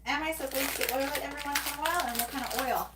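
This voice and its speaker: A woman reading viewer comments aloud off to the side of a livestream, soft and quick. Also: high voice, recorded from a distance. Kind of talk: reading chat messages aloud. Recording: echoey, off-mic, noisy room.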